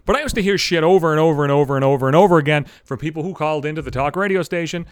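A man delivering a profane, angry rant straight at his viewers, swearing constantly and shouting at them. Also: fairly high pitch, very fast, clean tone, dry recording, clean studio sound. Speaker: video ranter.

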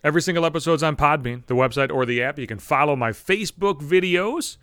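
A man's voice: fairly high pitch, fast, a bit bright, clean tone, no room sound, clean studio sound. A man hosting a solo comedy podcast, ranting profanely and acting out other people's voices. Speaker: podcast host.

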